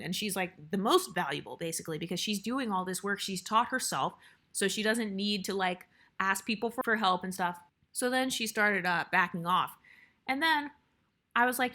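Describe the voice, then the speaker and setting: A young woman telling a casual storytime about her workplace, blunt and animated, swearing freely and acting out what others said. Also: medium pitch, brisk.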